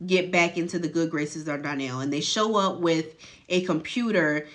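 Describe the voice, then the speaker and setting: A woman's voice: sits low, normal speed, fairly bright tone. A woman host casually retelling a TV episode in a chatty, colloquial, gossipy way. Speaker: video host recapping a TV episode. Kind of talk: casual storytelling recap.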